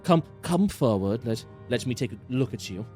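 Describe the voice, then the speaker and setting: A man's voice: medium pitch, lively intonation, normal speed, darkish tone, soft background music, lightly acted. A man voicing a suave, smug male archdevil with a whispering, wind-like voice. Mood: hushed, smug.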